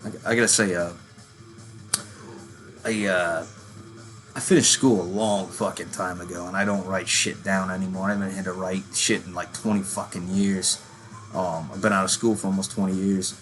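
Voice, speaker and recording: A man's voice: low voice, little pitch movement, normal speed, fairly bright tone, soft background music. A man in his thirties ranting casually about metal bands, profane and rambling, calling himself a working-class hillbilly. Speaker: metal channel host. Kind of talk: casual rant.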